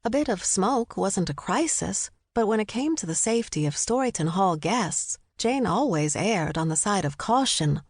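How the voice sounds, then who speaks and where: A woman narrating a cozy mystery audiobook in a measured, descriptive way. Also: medium pitch, expressive, slightly rough, no echo. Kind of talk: scripted narration. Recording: dry studio close mic.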